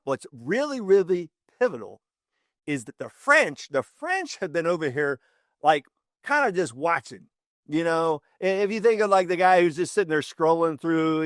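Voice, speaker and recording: Male history host, casual storyteller, a touch high, dry close sound. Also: no echo. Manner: lively storyteller, repeats words for emphasis.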